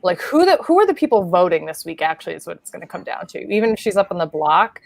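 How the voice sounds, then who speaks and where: A woman co-hosting a podcast, chatty and giggly and quick to laugh. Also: on the low side, very animated, gravelly, no echo. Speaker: podcast co-host. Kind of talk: casual chat. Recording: dry close sound.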